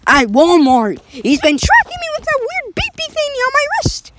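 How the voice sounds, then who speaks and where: A man's voice: extremely high pitch, slow, very noisy, voice pushed up. A man voicing a panicky, frightened young man, talking in a frantic, overexcited rush. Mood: panicked.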